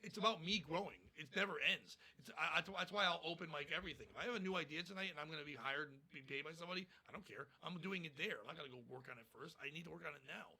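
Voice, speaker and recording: A man's voice: on the high side, very fast, few pauses, bright, forceful tone. A man, a stand-up comedian, talking bluntly and profanely in a casual podcast interview.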